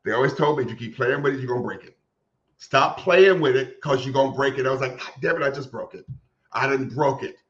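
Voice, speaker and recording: A man co-hosting a casual podcast, telling an embarrassing story in a sassy, animated way with swearing. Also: medium pitch, fast, reverberant, highs cut off. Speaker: podcast co-host. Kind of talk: casual chat, comic storytelling.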